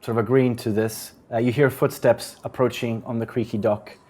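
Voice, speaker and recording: A man's voice: mid-range voice, steady tone, moderate pace, a little mellow. A man running a tabletop game as game master, narrating casually with plenty of fillers.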